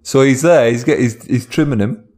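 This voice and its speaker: A man's voice: medium pitch, normal speed, a little mellow. A man telling an improvised comedy story in a rambling, playful manner.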